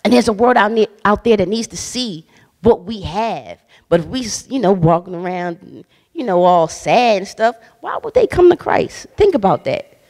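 A woman minister preaching in a loose, conversational way, bold and emphatic, dropping slang and laughing between points. Her voice sits at an ordinary middle pitch. It rings out with a long church-hall reverb. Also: very animated, moderate pace, a little mellow. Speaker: guest minister. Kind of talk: casual conversational sermon.

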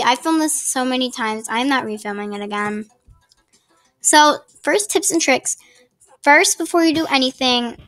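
A woman's voice: high-pitched, fairly bright tone. A woman giving casual gameplay tips, rambling and chatty with apologetic asides, recorded on a laptop mic at a home desk. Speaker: gaming channel host. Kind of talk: casual gameplay tutorial commentary. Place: home desk with ring light. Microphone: laptop built-in mic.

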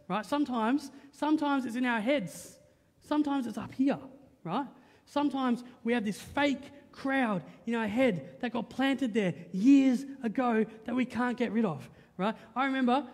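A young Australian man preaches from the stage in a very high, bright voice, joking with the congregation and asking "right?" after nearly every point. His voice rings out through a church hall with a long trailing reverb. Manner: lively, joking, conversational, keeps asking "right?". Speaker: pastor. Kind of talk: sermon. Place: church auditorium.

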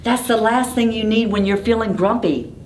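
A woman voicing a kind, fussy male animal neighbor in a picture book, slow and earnest. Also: fairly high pitch, a little mellow, reverberant, slight background noise, pitched above the performer's own voice, close to an everyday voice.

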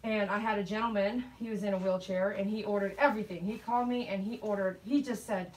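A middle-aged woman and dog groomer chatting casually while she grooms, telling animated stories and laughing often. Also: mid-range voice, fast, distant mic, a little hiss or hum, poor audio. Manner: chatty, animated storytelling with quoted voices.

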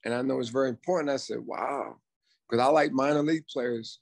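A man in his fifties with a gravelly, rough-edged voice tells his stories in a relaxed podcast conversation, slipping into the voices of the people he quotes. The sound is dry and close, with no room around it. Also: medium pitch, quick pace, no room sound. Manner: storytelling, quotes himself and others in dialogue. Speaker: guest, former ballplayer and coach. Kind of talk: casual podcast chat.

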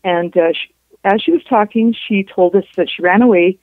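A woman, a guest on a show, recounting a personal story in a halting way, with restarts and reported dialogue. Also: medium pitch, no echo. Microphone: telephone. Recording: tinny phone line.

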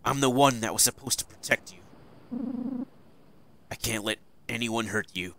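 A man voicing a weary, remorseful middle-aged father figure who speaks low, quiet and sorrowful. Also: normal speed, close to an everyday voice.

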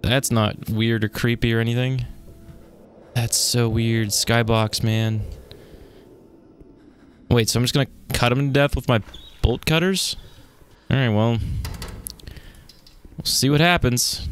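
A man's voice: medium pitch, unhurried, long pauses, a little hiss or hum. A man giving jumpy, profane commentary while playing a horror game, talking to himself as he goes. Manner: jumpy, swearing, talks to himself. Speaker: gaming YouTuber.

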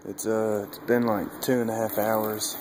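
A young man vlogging outdoors with a handheld camera, rambling and cursing, laughing often and getting animated as he retells a story. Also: on the low side, a little slow. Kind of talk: casual rambling vlog. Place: outdoors by a dog cage. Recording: noisy outdoor ambience.

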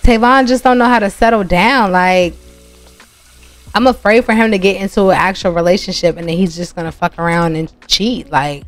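A woman's voice: mid-range voice, normal speed. Chatty woman narrating gameplay. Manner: chatty, laughing, talks to viewers. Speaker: gaming channel host. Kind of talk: casual gameplay commentary. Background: soft music.

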